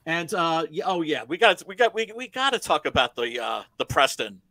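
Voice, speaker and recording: Man, excitable podcast co-host, high bright voice, dry close sound. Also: a little fast, dry recording. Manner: excitable, swears a lot, repeats words. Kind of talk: casual chat.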